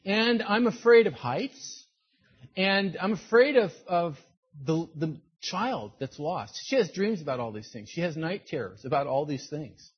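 A middle-aged man preaching a sermon, telling personal stories in an animated way and acting out the voices of the people in them. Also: a little high, measured pace, slightly rough, dull audio. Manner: storytelling, animated, acts out quoted voices. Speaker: pastor.

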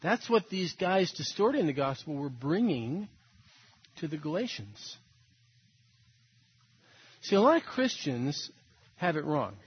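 A man preaching a sermon in a husky, fairly high voice. He acts out what others say and climbs to emphatic peaks. The recording sounds dull and lo-fi. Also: big pitch swings, measured pace, long pauses. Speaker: pastor.

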